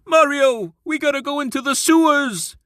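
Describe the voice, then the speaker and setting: A man voicing an eager, stammering plumber brother in a raised, quick voice. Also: very high-pitched, pushed and bright, no echo, clean studio sound, voice pushed up.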